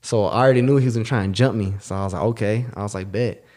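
A man's voice: lowish voice, very fast, darkish tone. A young man co-hosting a podcast, telling a story in casual slang and acting out the people he quotes. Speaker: podcast co-host.

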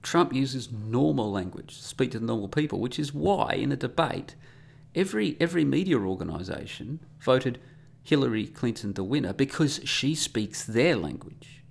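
A man's voice: mid-range voice, very animated, moderate pace, creaky. A man hosting a casual solo podcast, talking in a sarcastic, mocking, rambling way. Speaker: podcast host.

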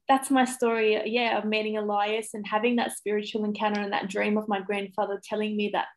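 A woman's voice: mid-range voice, creaky, poor audio. A young Australian woman, a primary school teacher, talking as a podcast guest, getting emotional and tearful, with many ums. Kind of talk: casual interview chat.

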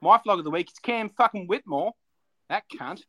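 A man's voice: high voice, animated, moderate pace, a bit bright. A man, co-hosting a casual podcast and ranting with heavy swearing. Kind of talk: casual chat.

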